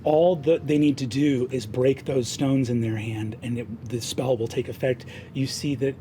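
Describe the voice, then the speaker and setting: A man narrating as game master in a tabletop game, in a measured, descriptive way. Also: medium pitch, fairly even intonation, background noise. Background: music.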